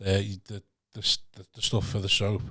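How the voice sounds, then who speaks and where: Fast-talking man co-hosting. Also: lowish voice, little pitch movement, sharp tone, breathy edge. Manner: fast, jokey, interrupting. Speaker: podcast co-host. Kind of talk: casual podcast chat.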